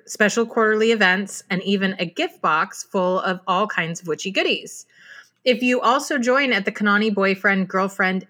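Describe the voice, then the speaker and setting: A woman's voice: medium pitch, bright, forceful tone. A woman co-hosting a podcast, reading out supporter thanks and show announcements in an upbeat manner. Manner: upbeat, promotional. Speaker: podcast co-host.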